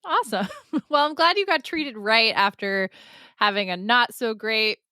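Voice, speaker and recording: A woman's voice: fairly high pitch, measured pace, sharp tone, clean tone, dry recording, clean studio sound. A woman co-hosting a podcast who reacts with laughter and casual swearing. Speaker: podcast co-host. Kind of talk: casual chat.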